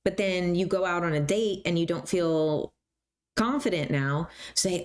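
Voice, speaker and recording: A woman's voice: lowish voice, measured pace. A woman hosting a self-help talk, speaking casually and conversationally with many fillers. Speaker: host.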